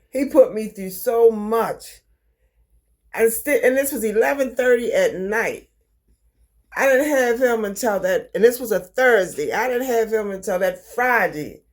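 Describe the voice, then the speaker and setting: A woman in her sixties with a Baltimore accent, lively and dryly humorous as she tells a family story. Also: fairly high pitch. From Baltimore, Maryland. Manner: lively storyteller, animated quoting, dry humor. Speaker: vlogger's mother. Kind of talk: storytelling in casual chat.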